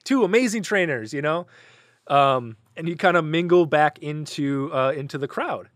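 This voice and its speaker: A man's voice: on the high side, steady tone, normal speed, a bit bright, clean tone, no echo, clean studio sound. A man narrating as game master in a loose, rambling way full of casual fillers.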